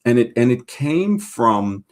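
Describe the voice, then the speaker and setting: A man's voice: medium pitch, sing-song, slow pace. A man from New York with a New York accent, hosting a casual livestream, reading viewer comments and telling rambling anecdotes full of fillers. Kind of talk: casual livestream chat and storytelling.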